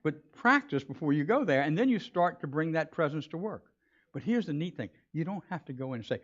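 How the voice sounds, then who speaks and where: Animated high-voiced male preacher. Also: brisk, lo-fi sound. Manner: animated, joking, conversational preaching. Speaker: pastor. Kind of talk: sermon.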